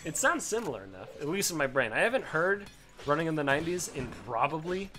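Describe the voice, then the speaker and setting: A young man hosting a let's play, rambling through casual gameplay commentary, swearing freely with excitable bursts. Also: fairly high pitch, fast talker, a little hiss or hum.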